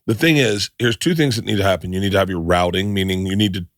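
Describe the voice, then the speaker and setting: Low guy on his podcast, goofing around, swears a lot, dry sound. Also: fast, no echo. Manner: loud, jokey, swearing. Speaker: podcast host. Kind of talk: casual chat.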